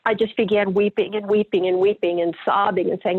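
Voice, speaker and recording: A middle-aged woman speaks with earnest, heartfelt warmth as she tells her story. Her voice is slightly husky. It comes through a narrow, tinny phone line. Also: medium pitch, little pitch movement, fairly quick, hardly any pauses. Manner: earnest, emotional storytelling with light laughs. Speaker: actress guest. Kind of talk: personal testimony in interview.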